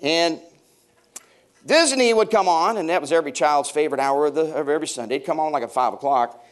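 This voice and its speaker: A pastor in his fifties preaches with a voice pitched a little higher than most men's. He jokes his way through stories and calls out questions to his congregation. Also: fairly quick. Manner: humorous, storytelling, banters with the congregation. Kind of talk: sermon. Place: church before a congregation.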